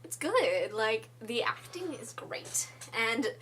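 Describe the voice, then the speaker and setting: A woman's voice: a little high, very animated, takes it slowly, a bit bright, a little hiss or hum. A woman casually recapping a musical's story for her vlog, rambling with lots of "like" and fillers and giggly asides. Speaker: musical theatre vlogger.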